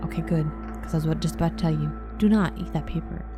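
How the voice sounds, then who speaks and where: Low-voiced woman with music behind her. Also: rapid-fire. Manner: lively, exasperated, describes scenes in detail. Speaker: tabletop game player and scene narrator. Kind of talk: casual tabletop role-play narration.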